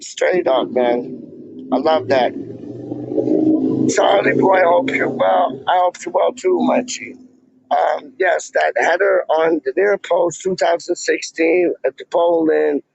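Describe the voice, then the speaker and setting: Drawling slowly through a relaxed livestream, this fan vlogger reads out live chat, his slightly high voice gravelly, fried, and a little mellow. Slang and "like" pile up as he rambles, and the sound is dull and lo-fi.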